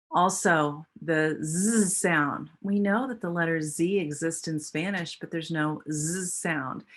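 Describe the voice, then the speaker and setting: A woman's voice: deep voice, a bit bright. An American woman explaining speech sounds in a teacher training presentation, with a patient, explanatory manner and frequent restarts. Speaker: literacy educator.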